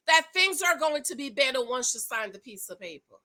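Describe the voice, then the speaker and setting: A woman's voice: sits high, big pitch swings, fairly quick, hardly any pauses, bright, forceful tone, rough recording. A woman giving sassy, emphatic recap commentary on a reality show, talking straight to her viewers and repeating her points for effect.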